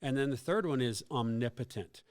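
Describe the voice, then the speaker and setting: A man's voice: mid-range voice, fairly quick, a little mellow. A man hosting a casual youth ministry podcast, explaining faith questions in a teacherly way with many fillers and joking asides.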